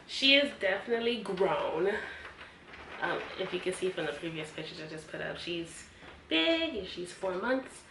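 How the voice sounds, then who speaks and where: A woman telling a personal story in a vlog, animated and acting out what others said, at times close to tears. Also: on the low side, normal speed. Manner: emotional, near tears. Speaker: vlogger. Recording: echoey room with faint noise.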